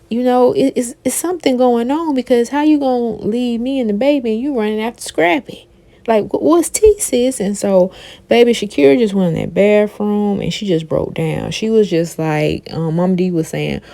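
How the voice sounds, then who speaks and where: A woman hosting a casual gossip vlog, retelling a reality show scene in a chatty, animated way. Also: mid-range voice, fairly quick, gravelly. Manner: chatty, animated storytelling with quoted voices. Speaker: host.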